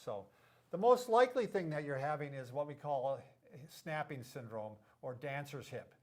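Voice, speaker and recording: A man's voice: fairly high pitch, expressive, moderate pace. A middle-aged man who is a physical therapist, hosting a casual, joking explainer and tripping over medical terms. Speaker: physical therapist, show host.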